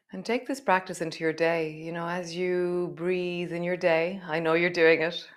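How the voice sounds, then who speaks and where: A woman teaching a live yoga class, giving gentle instructions mixed with chatty, laughing, self-deprecating asides. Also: on the low side.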